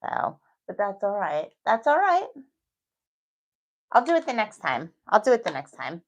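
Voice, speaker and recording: A woman's voice: mid-range voice, very animated, moderate pace, muffled recording, a little hiss or hum. A middle-aged woman with a New York accent, chatting casually and reassuringly as she demonstrates a nail technique while thinking aloud. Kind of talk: casual tutorial talk.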